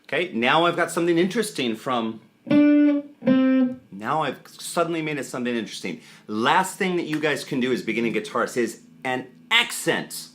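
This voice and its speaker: A man's voice: medium pitch, lively intonation, normal speed, sharp tone. A man giving a casual guitar lesson, counting beats aloud as he explains rhythm and accents. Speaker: guitar teacher. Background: guitar playing.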